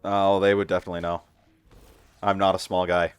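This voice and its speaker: Casual gamer husband, low voice, dry close mic, deadpan humor. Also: male voice, a little fast, clear, resonant tone, no room sound, faint music behind. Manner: wry, deadpan jokes. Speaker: gamer playing with his wife. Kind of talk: casual let's-play chat. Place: home.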